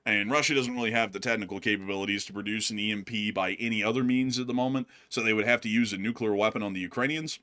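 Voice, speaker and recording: Co-host, male, bright and forceful tone, casual livestream chat, laughs a lot. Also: fairly low pitch, fast talker, few pauses. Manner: laughs often, loose and chatty. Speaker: co-host answering viewer questions.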